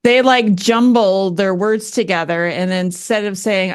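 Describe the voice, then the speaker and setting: A woman's voice: medium pitch, fairly even intonation, a little slow, smooth. Playful woman podcast host. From United States. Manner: playful, laughs often, self-deprecating. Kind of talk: casual chat.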